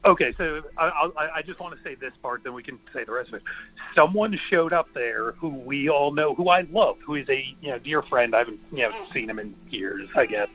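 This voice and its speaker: Bright-voiced man rambling through stories. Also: mid-range voice, a little fast, breathy edge, muffled recording, soft background music. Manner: rambling anecdotes with many restarts. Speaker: call-in show co-host. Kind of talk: casual chat over a video call. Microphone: remote call mic.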